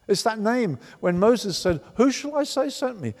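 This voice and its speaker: Animated preaching man in echoing hall. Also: high-pitched, measured pace, hardly any pauses. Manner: animated preaching, emphatic, repeats words. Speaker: pastor. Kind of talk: sermon. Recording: long hall reverb.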